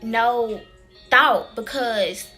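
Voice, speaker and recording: A young woman speaking tells her story to viewers in a lively, chatty way, calling them y'all. Her voice is bright and clear, pitched a bit high, with soft music playing underneath. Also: very slow. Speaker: vlogger.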